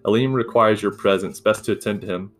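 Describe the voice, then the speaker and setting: A man reading a fantasy novel aloud at an unhurried pace, with small slips he corrects as he goes. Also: lowish voice, soft background music. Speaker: audiobook narrator.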